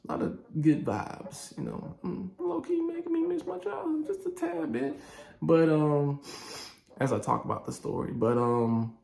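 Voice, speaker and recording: A man telling a story from his youth in a casual vlog, animated and slangy, acting out the scenes. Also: fairly high pitch, unhurried, vocal fry. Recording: echoey room with faint music.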